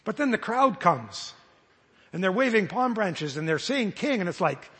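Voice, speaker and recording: A high-voiced man with a husky edge preaches a sermon, earnest and searching. He stumbles and restarts as he voices imagined prayers aloud. His words ring with the long reverb of a large hall. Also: very animated, moderate pace, bright, forceful tone.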